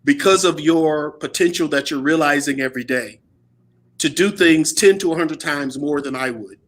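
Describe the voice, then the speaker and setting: An older man, a pastor, talking in a slow, emphatic preaching way. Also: on the high side, fairly bright tone. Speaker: pastor and guest speaker. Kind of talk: preaching conversation.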